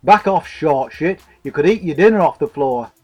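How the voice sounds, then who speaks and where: A man's voice: fairly high pitch, lively intonation, moderate pace, a little mellow, soft background music. A man voicing a blunt, foul-mouthed young man who sounds exasperated. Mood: defensive.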